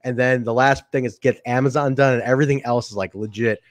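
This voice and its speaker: A man's voice: medium pitch, steady tone, fast, no echo. A man chatting casually with his bandmates over a video call, rambling and full of fillers. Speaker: band member. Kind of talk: casual chat.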